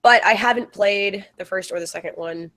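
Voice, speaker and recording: A woman's voice: medium pitch, moderate pace, sharp tone. A woman from the American South with a Southern accent, chatting and telling a rambling game story with lots of giggles on a casual livestream call. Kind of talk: casual chat.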